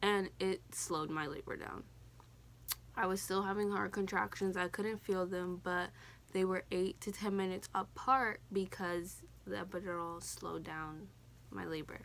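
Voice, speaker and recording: A woman's voice: mid-range voice, fairly even intonation, a little slow, vocal fry, a bit bright. A teenage woman telling a personal story in a casual, candid vlog, swearing now and then. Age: teens. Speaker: vlogger.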